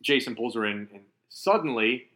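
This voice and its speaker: A man co-hosting a casual comic book podcast, animated, laughing often and acting out quotes. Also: mid-range voice, normal speed. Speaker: podcast co-host.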